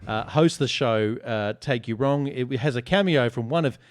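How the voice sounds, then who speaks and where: An Australian man speaks at medium pitch and normal speed. He hosts a sports podcast, reading listener reviews aloud and teasing his co-hosts in casual banter.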